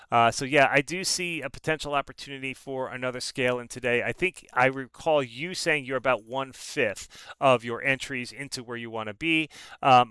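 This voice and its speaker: A man's voice: medium pitch, bright, forceful tone, clear, resonant tone, dry recording. A man hosting a live pre-market trading call, talking casually with many fillers and restarts.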